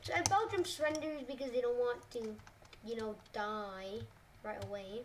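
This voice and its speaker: High-voiced hesitant woman narrating a map. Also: normal speed, distant mic, slight background noise. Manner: hesitant, full of "like" and self-corrections. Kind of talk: casual narration over a map.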